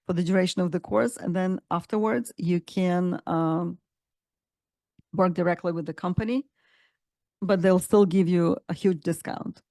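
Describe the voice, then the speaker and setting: A woman coaching instructor presenting a webinar with enthusiasm, often pausing with fillers and restarting phrases. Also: on the low side, a little mellow, no room sound.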